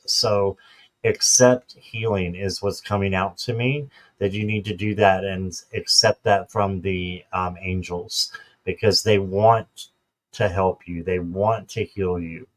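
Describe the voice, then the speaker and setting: A man giving a casual tarot card reading, relaxed and hesitant, with many fillers. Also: sits low, slow.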